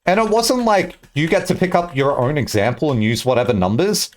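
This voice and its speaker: Lively man rambling on stream. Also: fairly high pitch, brisk. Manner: rambling, joking, swearing, bursts of shouting. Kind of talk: casual live-stream chat.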